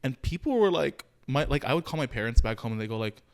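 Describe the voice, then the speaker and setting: A man's voice: mid-range voice, quick pace. A young man in his twenties, an interview guest speaking candidly and animatedly about his own experiences, with frequent fillers. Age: 20s. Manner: open, animated storytelling with frequent fillers and laughs. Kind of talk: candid personal conversation.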